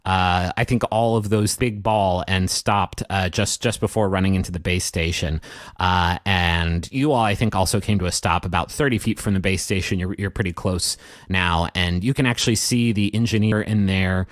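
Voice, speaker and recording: A man's voice: low voice, fairly even intonation, normal speed, dry recording, studio quality. A man narrating a tabletop game as game master, rambling with frequent hesitations. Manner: rambling, full of fillers and restarts.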